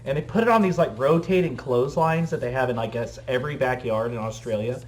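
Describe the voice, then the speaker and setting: A man's voice: medium pitch, quick pace. Jokey podcast co-host man. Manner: laughing, jokey interjections. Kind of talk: casual chat.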